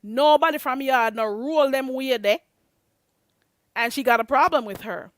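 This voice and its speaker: A young woman with a Jamaican accent rants at her livestream chat, confrontational and cutting, and slips into patois as she pushes her point. Her voice sits a bit high, and the sound is dry and close with no room around it. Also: a little slow, no echo. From Caribbean.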